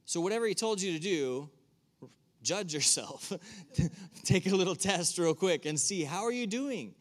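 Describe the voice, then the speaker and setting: A man's voice: high voice, animated, measured pace. A man preaching to a room, talking casually and putting direct questions to his listeners. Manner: conversational, asks the audience direct questions. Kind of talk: sermon. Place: church room with an audience.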